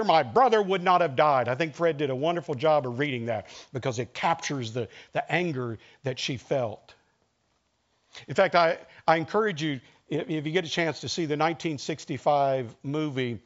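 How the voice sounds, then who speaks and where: A man with a fairly high voice preaches a sermon in a relaxed, conversational way, voicing the people he quotes as he goes. The recording is dull and lo-fi. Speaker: pastor.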